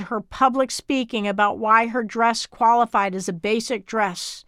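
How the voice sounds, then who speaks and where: A woman from Texas reading her memoir as scripted audiobook narration, in a measured, even storytelling manner. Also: a little high, no echo, studio quality.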